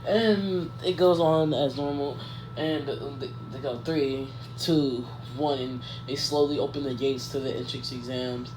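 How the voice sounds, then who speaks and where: A man's voice: mid-range voice, steady tone, moderate pace. Rambling man telling a story in an echoey room. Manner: rambling, self-correcting, lots of "like" and "um". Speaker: YouTuber telling a fan story. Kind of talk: casual improvised storytelling. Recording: echoey room with faint background noise.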